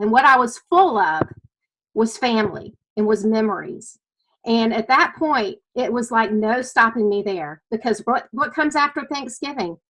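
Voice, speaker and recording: A middle-aged woman from the American South, with a Southern US accent, earnestly and emotionally shares her weight-loss journey as a client giving personal testimony. Her voice is fairly high and a bit bright, and the recording is low quality.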